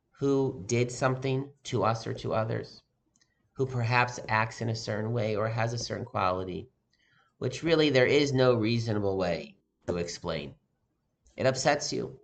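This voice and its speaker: A male rabbi with a gravelly voice preaches in an even, mid-range pitch. His speech is measured, broken often by "uh" pauses between phrases.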